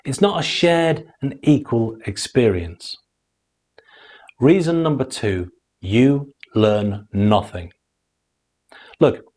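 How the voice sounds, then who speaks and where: A man's voice: mid-range voice, darkish tone, husky. Guy teaching a course, medium voice, tells stories and does the dialogue. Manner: storytelling, acting out quoted dialogue. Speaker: course instructor. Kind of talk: scripted teaching monologue.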